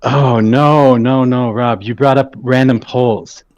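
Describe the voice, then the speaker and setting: A man's voice: mid-range voice, fairly even intonation, slow pace, darkish tone, no room sound, lo-fi sound. A male guest in a heated online debate, exasperated and insulting, often stumbling over his own restarts.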